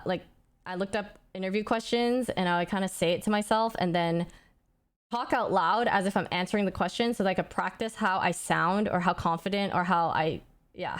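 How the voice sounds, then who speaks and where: A young woman streamer in casual chat, rambling and thinking aloud as she answers questions. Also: on the low side.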